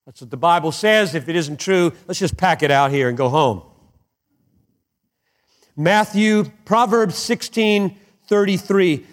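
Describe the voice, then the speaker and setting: A man delivers a sermon, slow and deliberate, with a fairly high voice. He sinks to near whispers, then surges upward to fervent, emphatic peaks. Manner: impassioned, swings from hushed to soaring emphatic peaks. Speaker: pastor.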